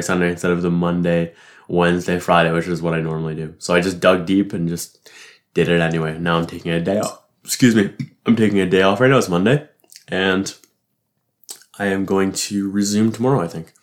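Young male barista, deep low voice, loose profane rambling monologue with self-amused laughs. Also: fairly even intonation, a little fast. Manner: profane, rambling, frequent "like" fillers, laughs to himself. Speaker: barista reflecting on his week. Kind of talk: casual solo reflection.

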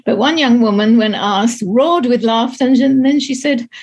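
Husky, wry woman film critic. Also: a little high, a little slow, a little mellow. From abroad, two countries outside America. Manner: wry, amused, chatty with laughs. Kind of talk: casual radio chat.

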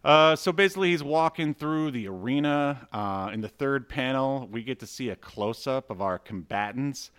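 A man's voice: mid-range voice, lively intonation, normal speed, few pauses, fairly bright tone, clean tone. A man co-hosting a podcast, chatting casually about a comic book with lots of fillers. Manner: rambling, lots of fillers, reads dialogue aloud. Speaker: podcast co-host.

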